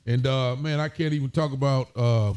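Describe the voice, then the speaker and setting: A man's voice: mid-range voice, fairly even intonation, normal speed, a little mellow, smooth. A man, a sheriff hosting a casual talk show, greeting viewers by name in a folksy way.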